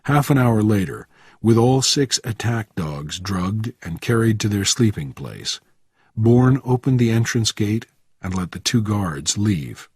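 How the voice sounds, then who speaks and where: A man narrates a thriller story slowly, with a husky, low voice that rises and falls a lot. He reads with clear expression, close and dry. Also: no room sound. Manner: slow, expressive reading. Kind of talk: scripted narration for English learners.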